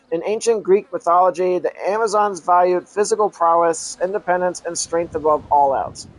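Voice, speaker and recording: A man reading an adventure story aloud as a channel host, halting, correcting himself and breaking off for casual asides. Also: high-pitched, no echo, low-quality recording. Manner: halting reading with frequent self-corrections and restarts.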